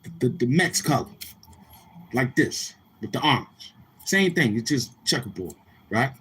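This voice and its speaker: Man, New York accent, husky voice, casual street-slang vlog talk, rambling. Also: medium pitch, big pitch swings, measured pace, a bit bright. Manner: slangy, rambling, repeats tag phrases. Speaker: vlogger.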